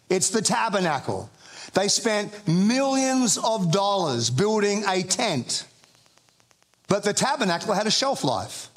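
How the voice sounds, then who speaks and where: A man preaching a sermon as pastor, telling jokey family stories with frequent restarts and building emphasis when quoting scripture. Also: high voice. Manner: humorous storytelling with frequent restarts.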